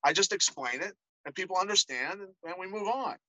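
Animated, bright-voiced middle-aged man telling stories. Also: sits high, a little fast, no room sound, rough recording. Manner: animated storyteller, acts out quoted voices. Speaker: podcast guest, former fighter. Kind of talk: casual storytelling interview.

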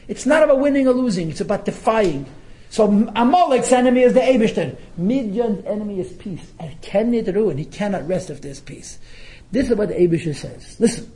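A man teaching a text-study class, talking in an animated way, often laughing and acting out what people say. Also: high voice, rough recording. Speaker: Torah teacher.

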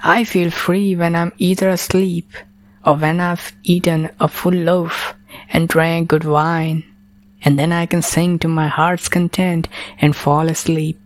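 A weary, lazy young man from a storybook who mumbles and sighs as if half asleep, as a woman reads him. He speaks low and unhurried, in a dry, close recording. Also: flat delivery, lightly acted. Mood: musing. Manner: sighing, mumbling, world-weary.

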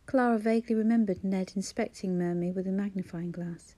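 Woman, audiobook narrator, measured, mellow tone. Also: medium pitch, fairly even intonation. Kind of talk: scripted narration.

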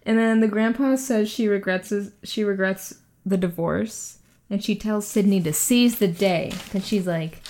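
A woman's voice: medium pitch, a little slow, a little mellow. A young woman in casual podcast chat, running through a film's plot as she goes. Her talk is loose and filler-heavy, peppered with playful disbelief. She sounds like she's hanging out with a friend. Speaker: podcast co-host. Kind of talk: casual movie recap chat.

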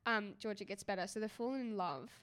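A woman's voice: medium pitch, fast talker, fairly bright tone, clear, resonant tone. A young woman co-hosting a podcast, chatting casually and reading out a listener's dream with frequent giggles. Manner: giggly, bouncing between storytelling and laughter. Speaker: podcast co-host.

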